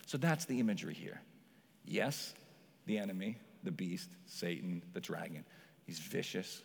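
A man's voice: sits low, normal speed, vocal fry, husky. Chatty preacher man in a reverberant hall. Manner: conversational preaching, peppered with "like"; acts out quoted voices with lively shifts. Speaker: pastor. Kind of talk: sermon.

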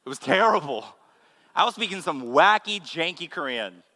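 A man, a pastor, giving a sermon with animated, humorous storytelling. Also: a little high, normal speed. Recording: long hall reverb.

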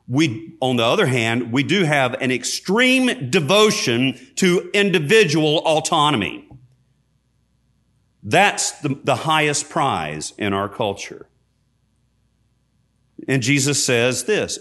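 A man preaching a sermon as a priest, emphatic, rising loud on key points and dropping low and quiet, with self-deprecating asides. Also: sing-song, slow pace.

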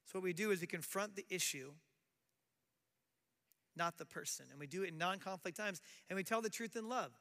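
Middle-aged male pastor, high bright voice, chatty sermon, long hall reverb. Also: a little fast, long pauses. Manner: conversational preaching with acted quotes.

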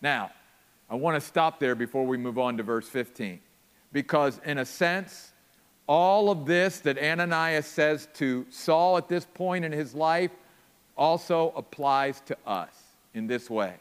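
High-voiced earnest preacher in a hall. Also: male voice, unhurried, clean tone. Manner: earnest, repetitive emphasis. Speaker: pastor. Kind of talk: sermon.

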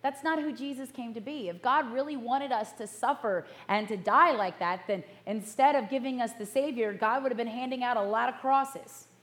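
A middle-aged woman pastor giving a sermon in an earnest, measured way, slowing down to stress key words. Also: on the high side, a bit bright. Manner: earnest, measured, slows for emphasis.

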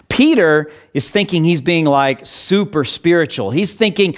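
A man preaching a sermon, reading scripture aloud and explaining it in an earnest, expressive way. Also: high voice, moderate pace, hardly any pauses. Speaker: pastor.

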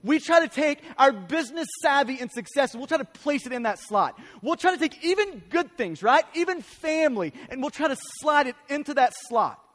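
A man's voice: extremely high pitch, lively intonation, fairly quick, few pauses, a bit bright. A male pastor preaching a sermon with emphatic, urgent delivery and repeated phrases. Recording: long hall reverb.

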